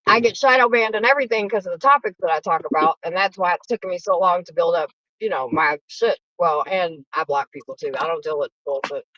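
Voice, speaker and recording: Blunt, bright-voiced woman host. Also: fairly low pitch, fast, hardly any pauses, highs cut off. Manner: blunt and profane, plain-spoken. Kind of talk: casual livestream chat.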